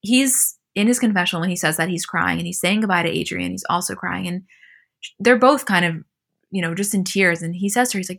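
Bright-voiced young woman podcast co-host. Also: fairly low pitch, a little fast, creaky. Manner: animated, acts out quotes with a lifted voice. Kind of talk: casual chat recapping a reality show.

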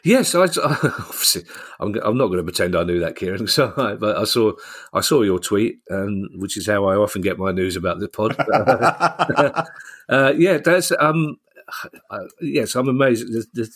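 Low-voiced chatty male podcast co-host. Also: moderate pace, a bit bright, husky. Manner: self-deprecating, chatty, frequent restarts and laughs. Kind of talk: casual chat.

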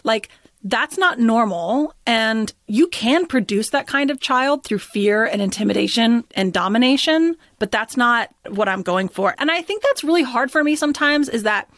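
A woman's voice: on the high side, expressive, moderate pace, fairly bright tone, no room sound. Chatty woman, dry close sound. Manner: chatty, peppered with "like". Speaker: parent. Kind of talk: casual podcast chat.

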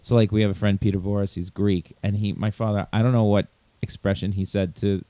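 A man hosting a podcast who tells stories in loose, rambling fragments. His voice sits at a middle pitch and sounds dry and close to the mic. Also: little pitch movement, a little fast, warm tone, no echo. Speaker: podcast host. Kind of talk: casual podcast chat.

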